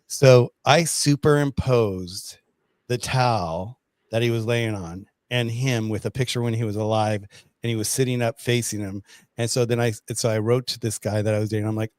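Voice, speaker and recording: A male host in casual conversation, talking in an animated, storytelling way. His pitch sits in an ordinary middle range. The sound is dry and close, with almost no room echo. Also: normal speed. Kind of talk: casual chat.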